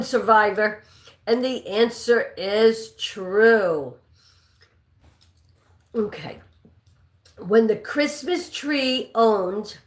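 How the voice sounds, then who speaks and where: Lady hosting a live trivia stream, slightly high voice, unhurried, echoey room sound. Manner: chatty, greets viewers, stumbles and restarts while reading.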